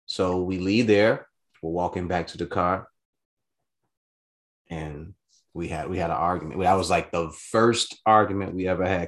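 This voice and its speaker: In a relaxed chat, a man recounts something that happened to him, lively and freely cursing, and he shifts into high voices to act out what people said.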